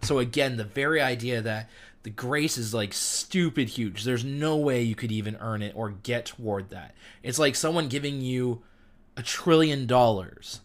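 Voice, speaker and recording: Excitable young man teaching the Bible. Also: mid-range voice, normal speed. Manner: enthusiastic, gets amped and self-interrupts. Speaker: podcast host.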